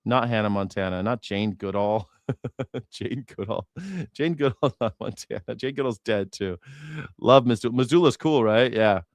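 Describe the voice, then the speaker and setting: A man's voice: lowish voice, normal speed, dry recording. A man hosting a live news reaction show, talking casually in a rambling, profane way and correcting himself as he goes.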